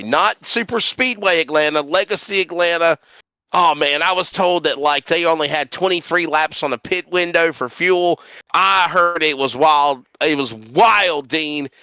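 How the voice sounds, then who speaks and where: A man, a sim racing broadcaster wrapping up a race in animated, sing-song chat. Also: a little high, smooth, no echo.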